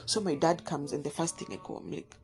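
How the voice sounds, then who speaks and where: Woman, low voice, earnest halting storyteller. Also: a little mellow. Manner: earnest, halting, with fillers and restarts. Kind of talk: personal storytelling.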